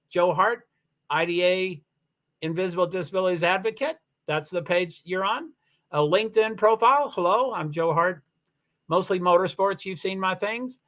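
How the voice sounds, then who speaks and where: A man's voice: high voice, bright, forceful tone. A man hosting a casual livestream, chatting in a rambling way with many fillers and restarts. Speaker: livestream host.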